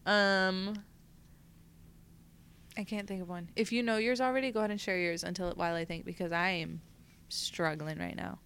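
A young woman teacher chatting casually on a podcast, pausing to think and laughing easily. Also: lowish voice, steady tone, a bit bright, a little hiss or hum. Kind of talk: casual chat.

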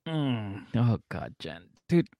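A blunt, teasing male podcast co-host whose low voice carries a gravelly rasp. His pitch swings in a lively way as he jokes. The sound is dry and close, with no room echo. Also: takes it slowly. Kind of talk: casual banter.

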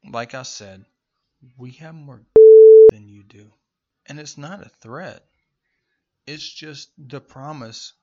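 A man delivers a heated, profanity-laced rant full of mocking rhetorical questions. His voice sits in an ordinary middle pitch. The recording is dull and lo-fi. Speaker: political commentator. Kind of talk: angry political rant. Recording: muffled lo-fi recording.

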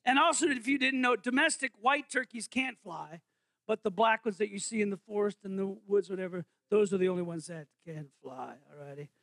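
A man's voice: high voice, a little fast, gravelly, a bit bright, no echo. A man preaching as interim pastor, in a playful, jokey way, quizzing his congregation during an interactive holiday sermon.

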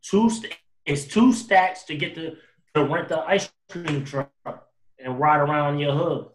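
A man hosts a casual chat with friends. He jokes loosely, getting loud and then trailing off. His voice sits a little high and rings in an echoey room. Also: measured pace. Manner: loose, joking, swings loud and soft. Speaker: podcast host.

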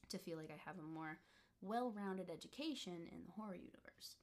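A woman's voice: fairly low pitch, a little fast. A young woman chatting casually about horror movies, rambling with lots of fillers and laughs. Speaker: podcast co-host. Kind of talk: casual chat.

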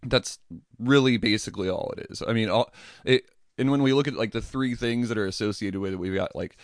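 A young man with a low voice hosts a casual history podcast, talking in a loose, animated way. He keeps slipping into exaggerated mocking voices for the people he describes. The sound is dry and close to the mic. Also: a little fast, no echo. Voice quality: swears casually, laughs at own jokes. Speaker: podcast host.

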